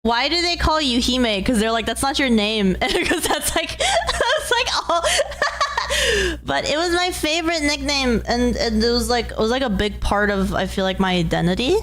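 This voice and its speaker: Doting, rambling woman streamer, slightly high. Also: expressive, a little fast, hardly any pauses. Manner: doting, rambling, coos at her audience. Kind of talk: casual chat with viewers.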